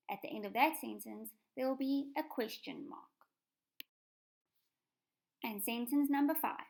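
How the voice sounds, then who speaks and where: Gravelly-voiced teacher. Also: female voice, fairly high pitch, measured pace, darkish tone. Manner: patient, clear instructional tone. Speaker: primary school teacher. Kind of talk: recorded remote lesson for children.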